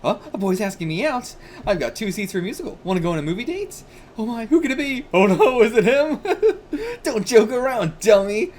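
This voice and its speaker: A man voicing a brash, flustered young schoolgirl from a manga, reading her lines in a raised, girlish falsetto. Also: very animated, brisk, a little mellow, slight background noise. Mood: flustered teasing.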